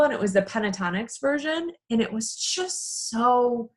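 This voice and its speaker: Animated woman chatting about funerals. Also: fairly high pitch, fairly quick, few pauses. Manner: animated, expressive storytelling. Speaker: funeral director, co-host. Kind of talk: casual chat over wine.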